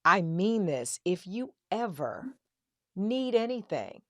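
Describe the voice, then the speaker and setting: A woman's voice: medium pitch, sing-song, slow, a bit bright, no echo. Woman host gushing over her guest, calls her baby and girl, real dry close audio. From a self-described country girl. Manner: affectionate, uses endearments like baby and girl. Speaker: podcast host. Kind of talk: warm heartfelt interview chat.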